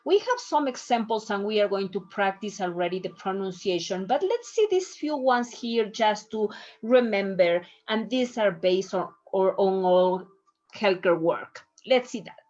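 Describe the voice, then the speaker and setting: A woman teaches an online lesson at an unhurried pace. She lays out each syllable deliberately and stretches out example words. The recording is dull and lo-fi, with a mid-range voice. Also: medium pitch, expressive, a little mellow. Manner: slow, careful delivery, stretches out example words. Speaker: Spanish teacher.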